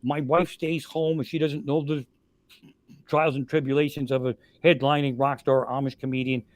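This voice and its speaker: A man's voice: mid-range voice, moderate pace, dry recording. Profane storytelling man in his sixties. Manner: profane, animated storytelling with loud punchlines. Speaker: comedian guest telling stories. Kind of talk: casual storytelling on a live podcast.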